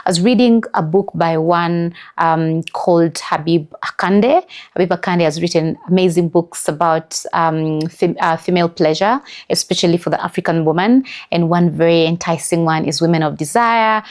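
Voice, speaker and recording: A woman's voice: lowish voice, normal speed. A middle-aged Ugandan woman with a Ugandan English accent, giving an earnest, emphatic motivational wellness talk as host, with many "you know" fillers.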